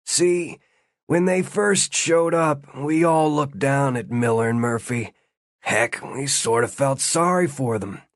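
A man's voice: mid-range voice, slow, dry recording, studio quality, lightly acted. A man doing a nosy sneering prison guard. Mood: pushy. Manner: rambling, blunt, self-important.

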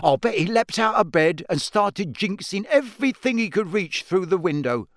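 A man's voice: sits high, expressive, moderate pace, no echo, clean studio sound, voice pushed up. A man voicing a harried middle-aged male wizard official who talks in an urgent, complaining rush.

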